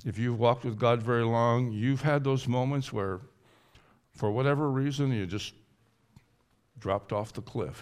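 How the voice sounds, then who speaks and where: A man preaching a sermon, going from loud and high to quiet and low, and acting out pleading in the first person. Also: a little slow, pauses often, clean tone. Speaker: pastor.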